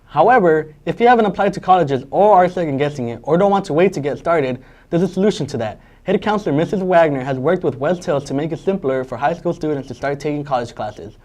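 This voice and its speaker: Brisk teen boy anchoring school news. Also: fairly high pitch, expressive, a little mellow. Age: teens. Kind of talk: scripted news reading.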